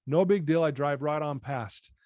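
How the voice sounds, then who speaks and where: Coach in his fifties, podcast guest. Earnest, animated storyteller, slightly high pitch. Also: moderate pace, no room sound, clean studio sound. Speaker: guest, personal-development coach.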